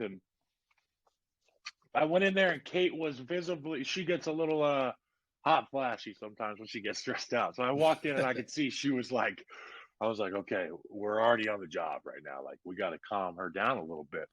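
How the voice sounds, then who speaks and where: A man in his thirties, a podcast guest, telling a personal story in a casual, animated way with lots of fillers. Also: medium pitch, a little fast, no room sound. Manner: animated, lots of "like" and "you know". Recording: dull lo-fi podcast audio.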